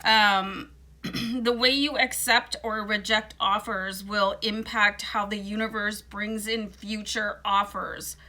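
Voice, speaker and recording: Woman tarot reader, bright forceful tone, slight morning voice, talks in a loose, reassuring way. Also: medium pitch, level tone, takes it slowly. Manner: chatty, reassuring, many fillers. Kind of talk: casual tarot card reading.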